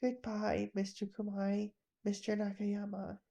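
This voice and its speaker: Brief: woman playing a soft-spoken boy, slow, mellow, earnest. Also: mid-range voice, completely flat delivery, creaky, lo-fi sound. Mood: sad, soft. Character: teenage boy, earnest and dutiful.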